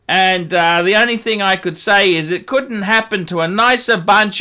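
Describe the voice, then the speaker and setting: A middle-aged Australian man rants in a commentary vlog, heavy with sarcasm and returning to the same catchphrases. His voice sits unusually high for a man and cuts through with a bright, sharp edge. He takes his time, dragging each jab out slowly. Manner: sardonic, scornful, repeats catchphrases. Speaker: watch dealer.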